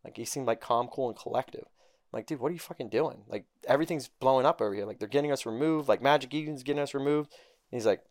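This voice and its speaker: On a studio-quality recording with no room sound, a young man who is a guest on a podcast rattles off a story in a fast, mid-range voice. His telling is casual and full of swearing, and he animatedly acts out the dialogue of the people he quotes.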